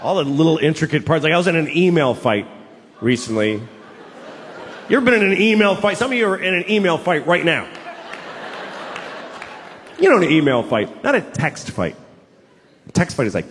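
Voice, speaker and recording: A man doing a stand-up comedy routine with an animated, profane, exasperated delivery. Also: fairly high pitch, normal speed, pauses often, a little hiss or hum. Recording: reverberant hall, faint ambience.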